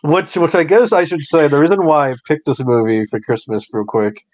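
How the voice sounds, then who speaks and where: A man's voice: on the high side, brisk, darkish tone, no echo, highs cut off. Wry man in casual movie chat. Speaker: podcast co-host.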